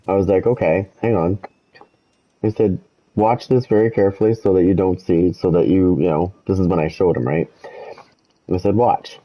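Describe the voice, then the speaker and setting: A man's voice: low voice, moderate pace, pauses often, dull audio. A man telling a rambling story with plenty of swearing while he plays a game, speaking casually to his viewers. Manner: rambling, animated when quoting himself, swears freely. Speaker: gaming streamer. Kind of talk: casual storytelling over gameplay.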